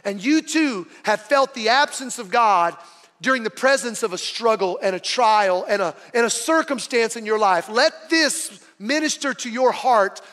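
Guy preaching, high bright voice, goes loud then whispery, echo of a big church hall. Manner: dramatic storytelling, swinging from loud to hushed. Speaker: pastor. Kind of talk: sermon.

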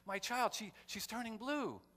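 A man's voice: sits high, expressive, moderate pace, pushed and bright, in a large hall, pitched above the performer's own voice. A man voicing a desperate father who begs a driver to hurry to the hospital while he holds his wounded child. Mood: frantic pleading. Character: desperate middle-aged father, frantic and pleading.

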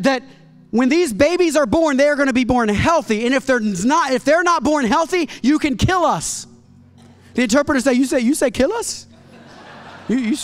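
Pastor, very high-pitched man, dramatic storytelling sermon. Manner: dramatic storytelling, acts out quoted dialogue, builds to loud climaxes.

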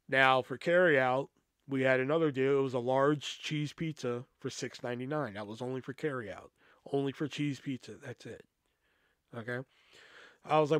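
A man's voice: mid-range voice, moderate pace, no room sound, studio quality. A man hosting a podcast, telling work stories in a casual, profane, laid-back way. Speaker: podcast host. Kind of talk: casual storytelling.

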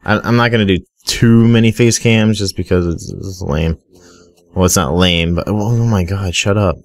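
A man's voice: low-pitched, moderate pace, no room sound, studio quality. A young man giving casual, rambling Minecraft commentary, often stuttering and talking straight to his viewers. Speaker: gaming video creator.

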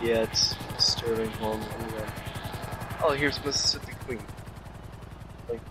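A young man, slightly hoarse, rambling casually with lots of fillers while playing a game. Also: fairly low pitch, steady tone, a little slow, music in the background, low-quality recording. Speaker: gamer. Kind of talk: casual chat over gameplay. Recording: game gunfire and engine noise behind.

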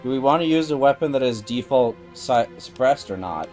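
A man's voice: mid-range voice, expressive, brisk, darkish tone, soft background music. A man hosting a game livestream, chatting casually with wry, laid-back commentary. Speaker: livestream host. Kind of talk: casual gaming stream chat.

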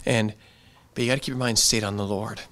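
A man's voice: on the low side, steady tone, brisk, a bit bright. A pastor giving an earnest, conversational sermon in a church, often repeating his phrases.

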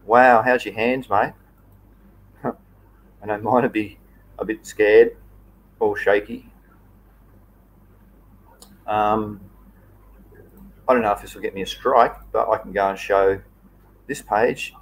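A man's voice: on the low side, steady tone, takes it slowly, pauses often, poor audio. A man with an Australian accent hosting a casual live stream, talking through viewer questions in a chatty, easygoing and rambling way. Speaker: livestream host.

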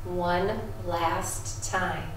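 A woman music teacher leading a lesson for second graders, calmly encouraging them and chanting rhythm syllables. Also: lowish voice, drawn-out words, a little hiss or hum. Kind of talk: video music lesson for children. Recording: echoey room, voice from a distance.

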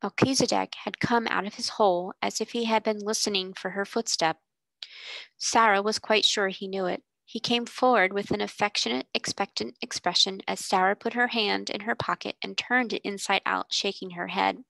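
A woman narrating a classic children's novel aloud in a measured storytelling manner. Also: medium pitch, steady tone, creaky, a bit bright, no room sound, rough recording. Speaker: reader. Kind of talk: audiobook narration.

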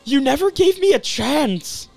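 A man's voice: extremely high pitch, big pitch swings, a little slow, creaky, darkish tone, faint music behind, voice pushed up, exaggerated voice. A man voicing a determined young woman climber in a video game, reading her lines in a raised, strained voice. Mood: pleading.

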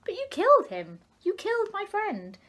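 A woman's voice: sits high, sing-song, unhurried, voice pushed up. A woman voicing a defiant, curious young boy fish in a storybook reading, speaking with spirited indignation. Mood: accusing.

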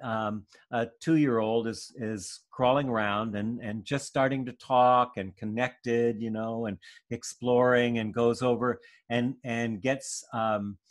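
A man giving a gentle, searching spiritual talk, with soft hesitations as he thinks. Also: mid-range voice. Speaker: spiritual teacher.

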